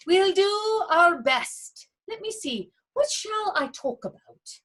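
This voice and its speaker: A woman voicing a gentle, polite male doctor in a storybook reading, calm and reasonable. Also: extremely high pitch, slow, voice pushed up, heavily acted. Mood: thoughtful.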